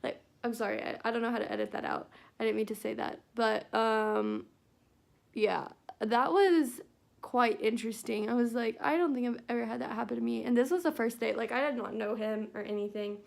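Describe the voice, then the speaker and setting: Chatty young woman with a creaky voice. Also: on the high side, brisk. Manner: chatty storytelling full of "like" fillers. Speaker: beauty vlogger. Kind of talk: casual chat while doing makeup. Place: at home, not in her bathroom.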